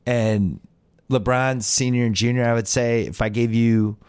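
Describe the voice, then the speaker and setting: A man's voice: medium pitch, fairly even intonation, measured pace, darkish tone, clean tone. Man, podcast host, casual sports chat, opinionated, wry, reads listener mail.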